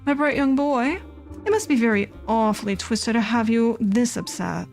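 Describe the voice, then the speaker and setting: A woman voicing a gentle, doting old grandmother on the phone, speaking slowly and soothingly. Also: fairly high pitch, soft background music, close to an everyday voice. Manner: slow, soothing and affectionate.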